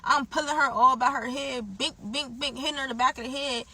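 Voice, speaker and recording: A young woman telling a story in a casual, animated way, profane and swinging from loud bursts to low asides. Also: fairly quick, slightly rough. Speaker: storyteller in a clip.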